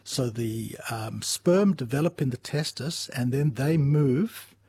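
A man as a medical expert guest, giving patient, measured explanations with small restarts. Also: mid-range voice, warm tone, slightly rough, dry recording. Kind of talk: explanatory interview answers.

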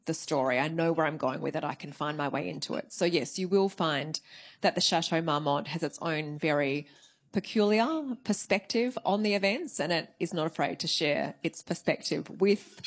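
Novelist lady being interviewed, lower voice, chatty and thoughtful. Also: normal speed. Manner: thoughtful, conversational storytelling. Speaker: novelist guest. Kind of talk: interview answers.

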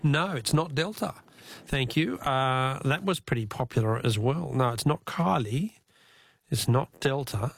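A man's voice: medium pitch, lively intonation, a little slow, creaky, slightly rough. An Australian man hosting a talkback radio quiz, chatty and jokey with callers.

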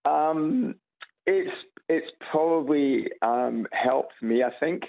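A man from Edinburgh with a Scottish accent, calling in to a radio show and chatting in a halting way with many restarts. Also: fairly high pitch, gravelly. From Scotland. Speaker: radio caller. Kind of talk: phone-in chat. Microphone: phone on loudspeaker. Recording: tinny phone line on radio.

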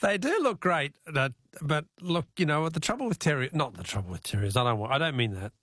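An Australian man hosting a talkback radio quiz, chatty and quick to laugh, repeating his question to callers. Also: fairly high pitch, sing-song, fairly bright tone, no echo, clean studio sound. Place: radio studio. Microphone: studio mic.

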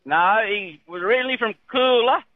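A man's voice: high voice, a little fast, no echo. Australian man on a tinny phone line. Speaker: caller, farm machinery driver. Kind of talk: phone-in chat.

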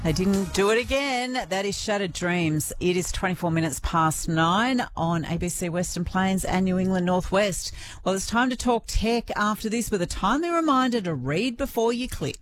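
A woman's voice: mid-range voice, lively intonation, moderate pace, soft background music. A woman presenting morning radio in a friendly, conversational way.

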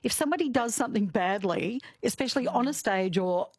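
A woman's voice: a little high, animated, fairly quick, no echo. A woman co-hosting a radio conversation, chatty and enthusiastic as she tells stories. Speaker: radio co-host.

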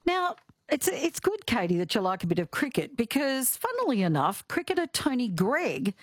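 A woman hosts a radio quiz, her voice bouncing up and down with lively energy and frequent laughter. She sounds a little higher than most women. The studio sound is dry and close. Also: normal speed, dry recording.

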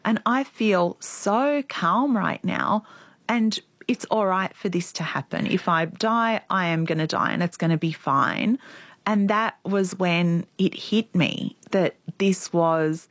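Woman in her forties, interview guest, lowish voice, earnest and reflective, dry close recording. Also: slow pace, dry recording. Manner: earnest and reflective, quietly emotional. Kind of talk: personal storytelling in a conversation.

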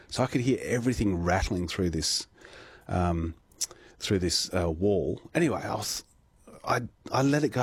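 A man's voice: fairly low pitch, breathy edge, dry recording. A man hosting a radio show, chatting and telling stories with easy laughs. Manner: chatty storyteller, laughs easily. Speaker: radio host. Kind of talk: casual radio chat.

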